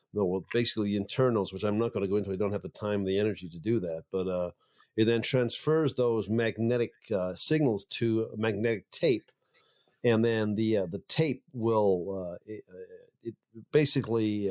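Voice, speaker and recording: A man voicing a rambling American inventor in an improvised comedy sketch, halting and full of hesitations. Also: lowish voice, a little mellow, voice pushed down, natural voice. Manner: halting, full of uhs, drawn-out explanation. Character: rambling male American inventor, middle-aged.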